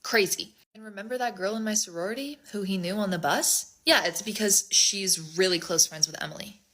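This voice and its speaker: A woman's voice: mid-range voice, brisk, fairly bright tone. A young woman telling a storytime in a casual, chatty way, full of "like".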